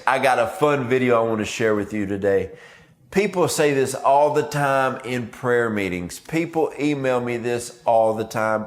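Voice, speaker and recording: Man preaching a casual devotional. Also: medium pitch. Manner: conversational, acts out quotes. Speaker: minister. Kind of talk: devotional video message.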